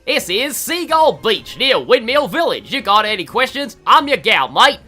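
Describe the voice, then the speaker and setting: A cocky young raccoon girl , put on by a man, blasts out slang in an exaggerated Australian accent. Her high voice leaps around wildly and rings bright and forceful, pitched well above a normal speaking voice. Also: sing-song, moderate pace, soft background music, exaggerated voice. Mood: brash. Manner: over-the-top slangy, shouty exclamations.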